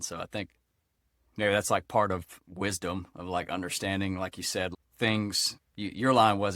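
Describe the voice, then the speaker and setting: A man with a very deep voice hosts a podcast about faith. He asks open questions and reflects on scripture. The sound is dry and close, with no room echo. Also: level tone, normal speed, a bit bright. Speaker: podcast host.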